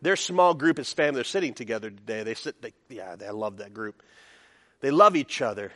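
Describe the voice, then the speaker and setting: A middle-aged male pastor preaching a sermon with animated delivery and call-and-response. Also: mid-range voice, fairly quick.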